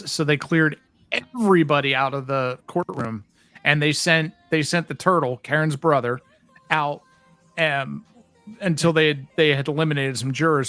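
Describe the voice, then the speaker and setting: A man's voice: a little high, fairly bright tone, no room sound. A man on a live panel telling stories in a wry, sarcastic way. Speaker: panel guest. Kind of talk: casual chat on a live panel.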